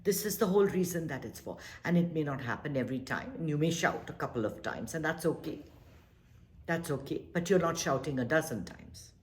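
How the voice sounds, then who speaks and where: A woman leading a meditation class, talking earnestly and coaxingly about staying calm, sometimes acting out short quoted exchanges. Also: low-pitched, fairly quick, a little hiss or hum. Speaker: meditation teacher.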